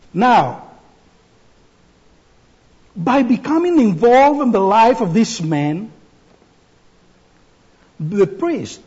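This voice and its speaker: Guy giving a sermon, high-pitched, slow and careful. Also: darkish tone, breathy edge, lo-fi sound. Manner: slow, deliberate delivery with pauses and restarts. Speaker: preacher.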